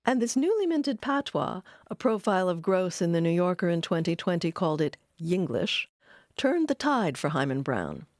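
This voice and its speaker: A woman giving measured, scripted narration for a documentary. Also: lowish voice, sing-song, a little mellow, no echo, studio quality.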